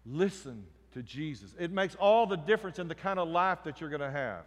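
A man preaching a sermon, swinging between loud emphatic lines and quiet ones. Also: fairly high pitch, animated, brisk, few pauses. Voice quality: emphatic, rising and falling in volume. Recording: echoey hall reverb.

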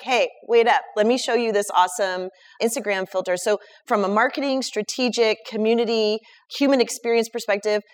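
Brief: woman, mid-pitched, emphatic, enthusiastic advice-giver in casual chat. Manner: enthusiastic, emphatic, recommends people one by one.

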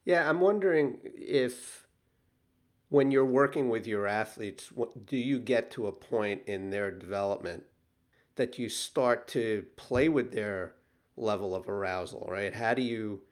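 A man's voice: fairly low pitch, measured pace. A man hosting an interview, summing up his guest's point and asking thoughtful questions. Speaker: host. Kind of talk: conversational podcast interview.

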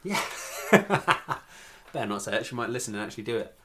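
English guy rambling on a podcast, bouncy pitch, laughs a lot. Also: sing-song, noisy background. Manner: chatty, rambling, quick to laugh. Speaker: podcast co-host. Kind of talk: casual chat.

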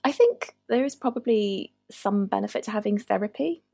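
A woman doctor speaking in a calm, explanatory way, her voice gravelly with a husky, slightly breathy edge. She is recorded close on a dry podcast mic. Her pitch sits at a middle level. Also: no echo. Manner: measured, explanatory. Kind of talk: podcast conversation.

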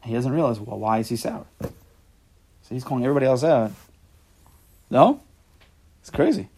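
A man leading an informal Torah class, animated and acting out quotes with sudden loud jumps in his voice. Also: medium pitch, fairly quick, slightly rough.

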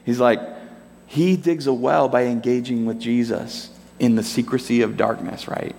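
Guy preaching, lively storytelling, doing little voices, long echo of a big hall. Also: medium pitch, moderate pace, creaky, a little hiss or hum. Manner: animated storytelling, acts out characters in voices. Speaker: pastor. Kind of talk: sermon. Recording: long reverb of a large hall.

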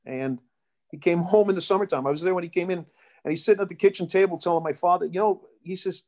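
Middle-aged man, slightly high voice, rambling storyteller being interviewed. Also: quick pace, a little mellow. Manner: rambling, with restarts and storytelling asides. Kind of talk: casual life-story interview.

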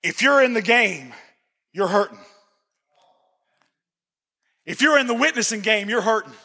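A man's voice: sits high, lively intonation, a little slow, sharp tone, big-room sound. A man preaching a sermon to a church congregation, earnest and repeating phrases for emphasis. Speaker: pastor. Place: church sanctuary.

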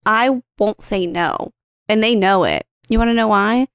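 A woman's voice: medium pitch, unhurried, creaky, fairly bright tone, clear, resonant tone, no echo, studio quality. A woman in her thirties co-hosting a podcast, chatting casually and acting out her kids' voices in her stories. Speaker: podcast co-host. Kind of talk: casual storytelling chat.

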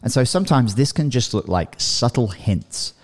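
A man hosting a podcast, giving casual coaching advice in an animated way and often checking in with "right?" and "you know". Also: mid-range voice, moderate pace. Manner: animated, acts out sample dialogues, frequent "you know" and "right?". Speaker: podcast host and business coach.

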